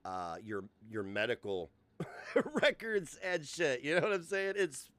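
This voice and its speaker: Animated, profane man in his forties. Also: a little high, measured pace, dry recording. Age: 40s. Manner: profane and mocking, laughs often. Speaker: host. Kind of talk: casual livestream rant.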